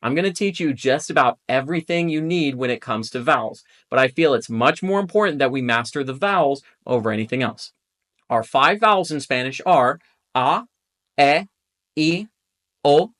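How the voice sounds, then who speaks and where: Upbeat Spanish teacher, man, slightly high voice. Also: a bit bright. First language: English. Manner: clear, patient explaining with drilled vowel repetitions. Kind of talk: instructional video lesson.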